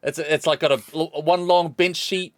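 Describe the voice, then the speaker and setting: A man's voice: on the high side, fairly even intonation. A man running a tabletop game as game master, often stopping and restarting his sentences. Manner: halting, restarts mid-sentence.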